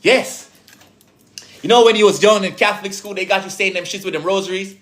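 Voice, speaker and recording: A man's voice: high voice, brisk, a bit bright. Preachy, profane man with an accent. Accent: speaks with an accent. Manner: profane, streetwise, full of rhetorical questions. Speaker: spiritual teacher addressing viewers. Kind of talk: preachy casual monologue.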